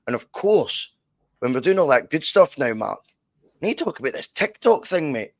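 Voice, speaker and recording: A man's voice: fairly high pitch, sing-song, normal speed, no room sound. A man hosting a casual podcast over a video call, chatty and matey as he plugs the channel. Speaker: podcast host.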